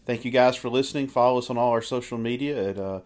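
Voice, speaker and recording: A man co-hosting a casual music podcast, talking in a relaxed way with many fillers. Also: mid-range voice, fast talker. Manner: relaxed, filler-heavy sign-off talk. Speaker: podcast co-host.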